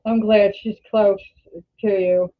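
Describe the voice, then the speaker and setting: An older woman from Canada chats on her livestream in a slow, meandering way, backing up and starting her sentences over. Her voice comes through thin and tinny, like over a phone line. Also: medium pitch, fairly even intonation. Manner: rambling, halting, self-correcting. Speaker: livestream host. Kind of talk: casual livestream chat.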